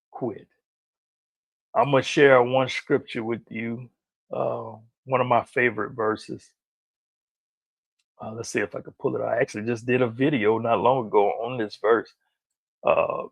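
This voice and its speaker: Male motivational minister, husky gravelly voice, punchy repeated lines, dry close sound. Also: medium pitch, no room sound. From North Carolina. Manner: emphatic, repeats key phrases, rising to loud peaks. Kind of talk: motivational preaching to camera.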